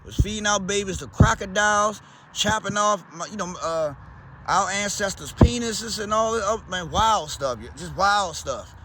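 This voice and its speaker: Baltimore dude vlogging, talks a lot, real loose and slangy, high voice. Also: male voice, moderate pace, noisy background. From Baltimore, USA. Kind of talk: casual rambling chat.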